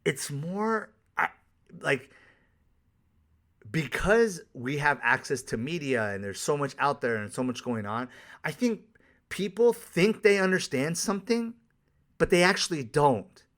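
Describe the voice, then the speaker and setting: A man's voice: a little high, lively intonation, measured pace, a bit bright. A man who works as a life coach, giving a candid, profane, conversational solo monologue on a podcast.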